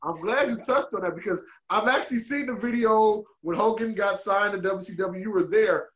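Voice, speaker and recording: A man hosting a chat show, reacting with excitement to his guest. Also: sits high, normal speed, reverberant. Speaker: host. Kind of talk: casual chat.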